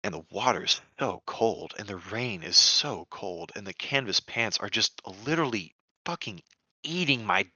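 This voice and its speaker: A man with a bright, forceful voice telling a story in casual podcast chat, loose and profane, full of "like." He swings from hushed narration to loud exclamations. The sound is dry and a bit dull and lo-fi. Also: on the low side, lively intonation, measured pace, slightly rough, no echo. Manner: loose and profane, heavy use of "like". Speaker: podcast guest.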